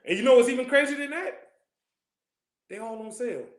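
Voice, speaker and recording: Casting: high-voiced man, quick streetwise scripture class teacher, joking, echoey room. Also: expressive. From California. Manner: loose, joking, streetwise slang, constant check-ins with listeners. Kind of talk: casual scripture class talk.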